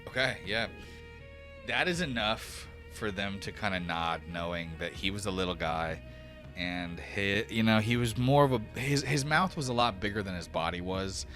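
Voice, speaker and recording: A man with a very deep yet bright, forceful voice runs a tabletop game as game master. He narrates loosely and casually, with plenty of fillers. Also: expressive, moderate pace, soft background music.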